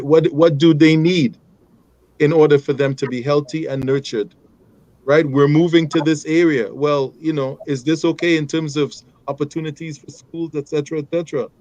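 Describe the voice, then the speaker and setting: A man speaking as a guest on a talk show, measured and emphatic as he gives advice. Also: fairly high pitch, a little mellow, dry recording, low-quality recording. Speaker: guest father. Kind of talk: panel discussion advice.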